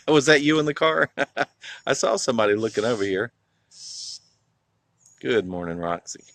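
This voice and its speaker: A man's voice: medium pitch, very animated, unhurried, a bit bright, slight background noise. A man with a Southern US accent chatting casually on a live stream outdoors, greeting viewers by name and reminiscing with frequent laughs. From southern US (North Carolina). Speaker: livestream vlogger. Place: outdoors in a small town.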